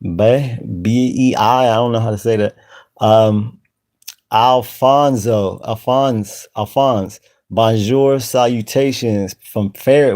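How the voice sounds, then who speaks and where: A man hosting a casual live stream, greeting viewers by name in relaxed slang. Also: mid-range voice, takes it slowly. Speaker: channel host.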